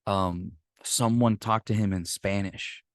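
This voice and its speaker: A man's voice: lowish voice, steady tone, slow, dry recording, studio quality. A man hosting a casual podcast, telling stories animatedly and swearing freely. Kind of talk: casual chat.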